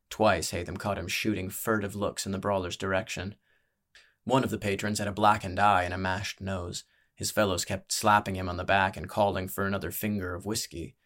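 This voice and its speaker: A man narrating a fantasy audiobook in a measured, steady storytelling manner. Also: on the low side.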